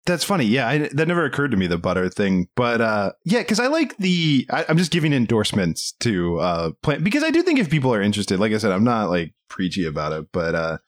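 A man's voice: quick pace, hardly any pauses. A man co-hosting a casual talk, hesitant with many fillers. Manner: hesitant, lots of fillers, lively pitch. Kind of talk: casual chat.

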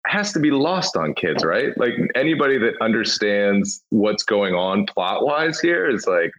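A man chatting casually on a podcast, telling an animated story with frequent swearing and laughter. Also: on the low side, unhurried, lo-fi sound.

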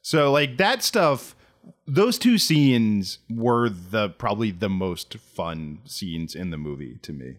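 Animated, lively-voiced male podcast co-host. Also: on the low side. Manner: animated, quick bursts with restarts. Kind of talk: casual chat.

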